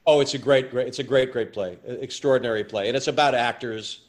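A man, an actor being interviewed, telling stories in a halting way with many repeated words. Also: medium pitch. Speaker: actor guest. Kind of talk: anecdotal interview chat.

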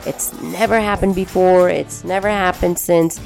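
Woman podcast host from Afghanistan, low and a bit gravelly, folksy and enthusiastic, faint music bed. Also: fairly even intonation, normal speed, darkish tone. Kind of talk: podcast introduction monologue.

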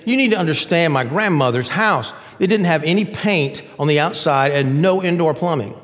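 An older male pastor delivers a sermon in a fairly high voice, talking to the congregation like a conversation. He acts out short quoted voices along the way. A long reverb trails his words through the large hall. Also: brisk. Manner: conversational preaching with lively acted-out asides. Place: church sanctuary.

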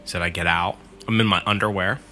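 A man's voice: low-pitched, fairly even intonation, quick pace, bright, forceful tone, soft background music. A man casually retelling a friend's scary story in the first person, swearing freely as he goes.

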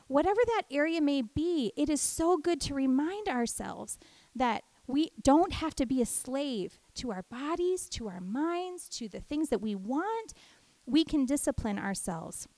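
A middle-aged woman teaching a devotional message in a high, bright-toned voice. She is an animated storyteller with lots of energy, recorded dry and close with no room sound. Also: measured pace, dry recording. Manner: animated storyteller who acts out family voices. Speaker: women's ministry teacher.

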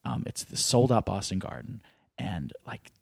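A middle-aged man telling stories in casual conversation as a guest, animated and self-deprecating, acting out the voices of people in his stories. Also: on the low side, normal speed, vocal fry, breathy edge, no echo. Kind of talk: casual storytelling.

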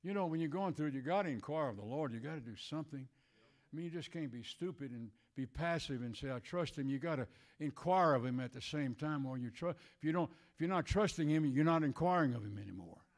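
An older male preacher delivering a sermon, swinging between shouted declarations and hushed, tender passages. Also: fairly high pitch, animated, a little fast, few pauses.

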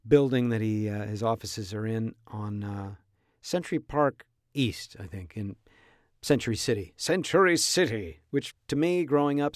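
A man's voice: lowish voice, a little mellow, no room sound, studio quality. A middle-aged man from Southern California, hosting a podcast and telling a rambling story in a casual, chatty way with restarts and laughs. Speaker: podcast host.

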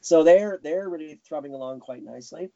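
A man's voice: on the high side, a little fast, vocal fry, a crowd in the background. A man being interviewed, chatting casually with lots of restarts. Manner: rambling, self-correcting, chuckling. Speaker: guest animator. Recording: dull lo-fi sound.

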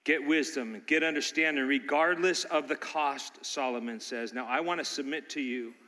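An older man preaching a sermon, shifting between loud urging and soft storytelling. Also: medium pitch, normal speed, in a large hall. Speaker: pastor.

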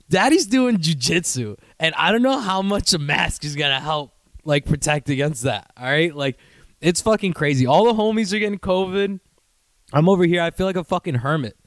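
A young man hosting his own podcast, ranting in a profane, rambling, self-mocking way and sometimes doing mocking high voices. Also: lively intonation, normal speed, no room sound, clean studio sound. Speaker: podcast host. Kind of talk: casual solo podcast rant.

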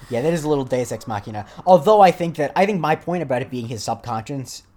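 This young man co-hosts a podcast, talking at a quick pace in an expressive, medium-pitched, slightly mellow voice. He rambles casually with lots of fillers and restarts.

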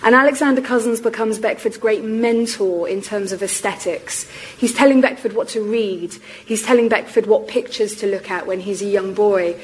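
A woman giving a public lecture on history. Her voice is going hoarse, and she explains things in a measured way with frequent ums. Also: mid-range voice, slight background noise, low-quality recording. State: losing her voice.

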